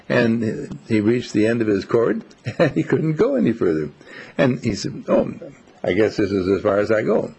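A man giving a slow, musing, reflective monologue, telling stories as he goes. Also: medium pitch, gravelly, darkish tone, husky. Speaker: speaker.

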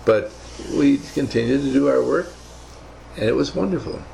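A man's voice: medium pitch, normal speed, creaky, mellow, a little hiss or hum, rough recording. An older man telling rambling, emphatic stories from his navy days in a motivational talk. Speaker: speaker recounting navy service.

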